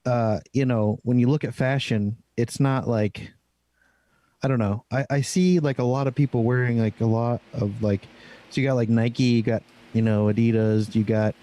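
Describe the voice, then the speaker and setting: A man's voice: medium pitch, fairly even intonation, moderate pace, mellow. A man chatting casually in a loose, profane way with lots of fillers. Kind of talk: casual chat.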